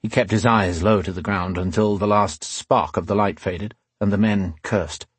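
Low, husky male audiobook narrator. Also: fairly even intonation, normal speed, no room sound. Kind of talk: scripted fantasy narration.

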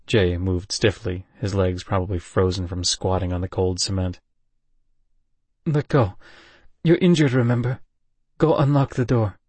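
A man giving a measured, unhurried first-person audiobook narration. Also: sits low, dry recording.

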